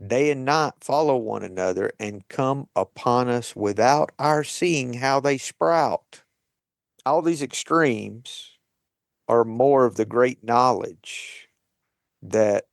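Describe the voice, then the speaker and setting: Male host, unhurried and thoughtful, dry close sound, mid-pitched. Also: no echo. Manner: slow, thoughtful, with light laughs. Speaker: podcast host leading a recovery meeting. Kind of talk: reflective reading and sharing.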